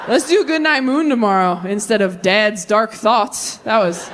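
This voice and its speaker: A woman in her thirties performing a stand-up comedy set on a theater stage, telling deadpan stories with quick voiced asides into a handheld mic. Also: medium pitch, a little hiss or hum. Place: theater stage before a live audience.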